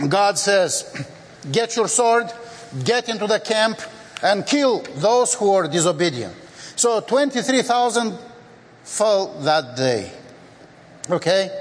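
His voice sits high as he preaches, slow and deliberate, full of fillers, bringing scripture exchanges to life in lively voices. The sound echoes with long hall reverb.

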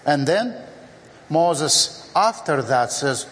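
A man preaching a sermon in a slow, deliberate way, with frequent fillers, acting out the scripture dialogues in lively voices. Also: high-pitched. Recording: long hall reverb.

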